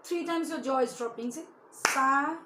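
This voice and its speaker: A woman's voice: high voice, measured pace. A woman teaching a lesson to young children, asking them many questions and often adding "you know". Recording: echoey room with faint hiss.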